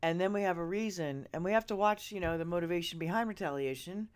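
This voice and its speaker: A woman hosting a podcast, ranting straight at her listeners, swearing freely and swinging from loud outbursts to hushed asides. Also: lowish voice, fast, clean tone. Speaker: podcast host. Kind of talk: ranting opinion monologue. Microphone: earbud listeners, close mic.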